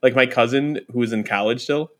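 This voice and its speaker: Guy cohosting a podcast, talks super fast, rambles and swears a lot. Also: mid-range voice. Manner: rambling, swears freely, tells stories. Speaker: podcast co-host. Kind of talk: casual podcast chat. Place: Chicago area.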